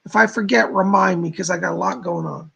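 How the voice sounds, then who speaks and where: A man's voice: high-pitched, steady tone, brisk, gravelly, pushed and bright, breathy edge. A man hosting a casual livestream as a psychic, chatting loosely and reading out viewers' messages. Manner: chatty, rambling, reads chat aloud. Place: home studio.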